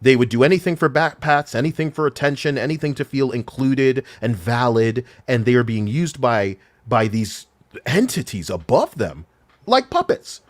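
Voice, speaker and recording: Give me an animated, profane man ranting. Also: mid-range voice, no echo. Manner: animated, profane, rants with quick asides. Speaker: commentator. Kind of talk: casual podcast chat.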